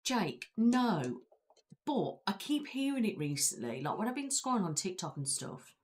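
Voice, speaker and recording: A woman's voice: medium pitch, big pitch swings, normal speed, a little mellow. A woman with a British accent, hosting a casual live-stream chat, rambling and reading viewer comments aloud from her chair at home. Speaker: ASMR channel host.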